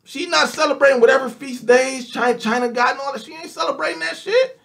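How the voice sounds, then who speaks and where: Emphatic high, gravelly man ranting. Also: brisk, a bit bright. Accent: African American Vernacular English. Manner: emphatic, swears often, repeats oaths, voice leaps up when worked up. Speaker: vlogger ranting to camera. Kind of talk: heated monologue rant.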